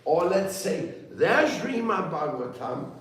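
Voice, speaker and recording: A man giving a sermon as a spiritual teacher, telling stories playfully with laughter and quick mock voices. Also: high voice, very animated. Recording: roomy echo, heard from a distance.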